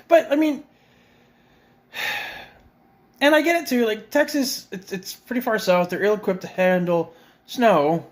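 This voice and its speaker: A man's voice: sits high, slow pace, long pauses. A middle-aged man in a friend's house, ranting with heavy swearing, exasperated and sarcastic. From Canada. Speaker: vlogger. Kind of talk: profane comedic rant.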